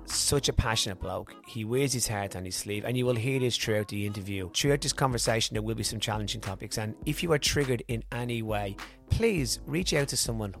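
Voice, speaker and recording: An Irish man hosts a podcast, speaking in an earnest, upbeat way with plenty of fillers. His voice sits at a middle pitch. Faint music plays quietly behind him. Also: vocal fry. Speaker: podcast host. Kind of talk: podcast intro and interview.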